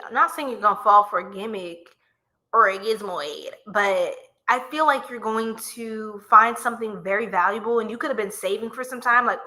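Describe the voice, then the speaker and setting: A woman's voice: a little high, bright, forceful tone. A woman hosting a casual livestream tarot reading, playful and chatty, laughing often and talking to her chat in slang. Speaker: tarot reader and livestream host.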